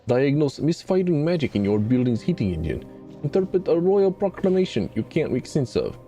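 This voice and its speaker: A man voicing a mysterious middle-aged fortune teller who drops his articles and speaks in a slow, mystical lilt. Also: a little high, big pitch swings, warm tone, soft background music, pitched above the performer's own voice. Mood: soothing.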